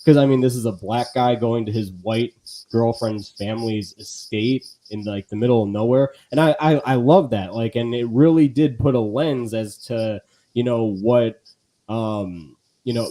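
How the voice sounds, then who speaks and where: Man, podcast co-host, warm mellow tone, casual rambling chat, lots of "like" and "um". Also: lowish voice. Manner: rambling, many fillers and restarts.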